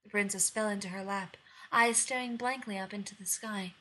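Bright, husky woman telling a fairy tale. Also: mid-range voice, steady tone, moderate pace, low-quality recording. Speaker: narrator. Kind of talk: storytelling reading of a fairy tale.

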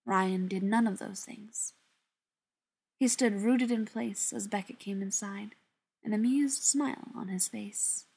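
A woman narrating a novel aloud in an unhurried reading voice. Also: mid-range voice, vocal fry, darkish tone, husky. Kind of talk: audiobook narration.

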